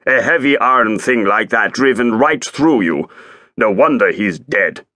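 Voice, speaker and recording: A man doing a blunt, gruff ram. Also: on the low side, expressive, measured pace, sharp tone, dry recording. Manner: blunt and matter-of-fact. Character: blunt, self-assured lead ram.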